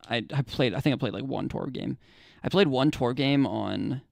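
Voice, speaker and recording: A man's voice: medium pitch, moderate pace, vocal fry, a little mellow, no room sound. A young American man chatting casually with viewers on his live stream, laid-back and rambling, with lots of fillers and restarts. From United States. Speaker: livestreamer.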